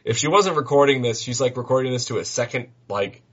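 Husky man rambling at a game table. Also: mid-range voice, fast talker, fairly bright tone. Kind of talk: casual tabletop game chat. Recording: dull lo-fi recording.

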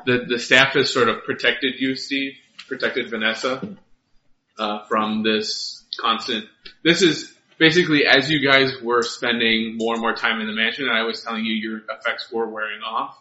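Male game master, halting narration, very bright and sharp tone, echoey lo-fi room. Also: mid-range voice, fairly even intonation. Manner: halting, many restarts. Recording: roomy, dull lo-fi sound.

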